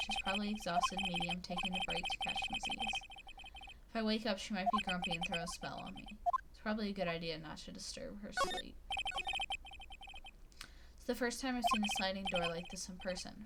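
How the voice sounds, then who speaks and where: A woman's voice: medium pitch, heavy background noise. Wry woman reading game dialogue. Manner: wry, deadpan inner monologue. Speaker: let's-play narrator.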